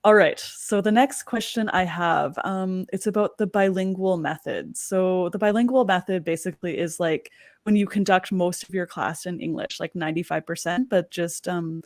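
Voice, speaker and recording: A woman hosting a relaxed teaching livestream, her speech loose and full of "like" and "um." Her voice has a gravelly fry and sounds dry and close, with no room around it. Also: lowish voice, no room sound. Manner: relaxed, many "like" and "um" fillers. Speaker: ESL teacher and host. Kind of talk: casual livestream chat.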